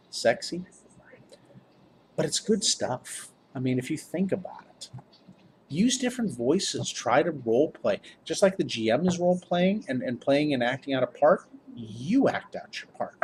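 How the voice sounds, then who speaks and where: A man's voice: medium pitch, a little hiss or hum. Tired, rambling male game master. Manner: rambling, self-interrupting, upbeat. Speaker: game master giving tips. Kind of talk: casual talk to camera.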